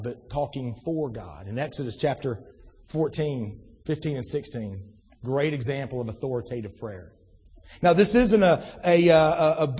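A man's voice: fairly high pitch, a little mellow, slightly rough, in a large hall. A man preaching a sermon, earnest and full of rhetorical questions, often restarting his sentences. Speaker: pastor.

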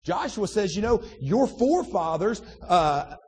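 Lively preaching man in an echoing hall. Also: high voice, a little slow, slightly rough. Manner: conversational preaching, many restarts and asides. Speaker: pastor. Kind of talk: sermon. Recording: distant in a reverberant hall.

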